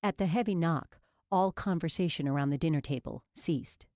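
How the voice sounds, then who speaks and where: Low-voiced woman reading an audiobook. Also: normal speed, darkish tone, dry recording, studio quality. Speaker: audiobook narrator. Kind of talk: scripted romance novel narration.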